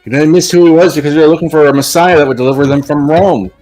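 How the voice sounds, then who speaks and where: A man's voice: fairly high pitch, very fast, darkish tone, faint music behind. A man speaking as a guest on a casual livestream, explaining his views thoughtfully. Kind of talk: casual discussion.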